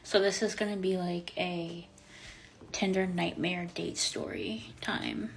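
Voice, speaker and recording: Young woman, vlogger, casual storytime, filler-heavy chatter, slightly low voice, dramatic retelling. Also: fairly even intonation, slow, vocal fry, slight background noise, rough recording.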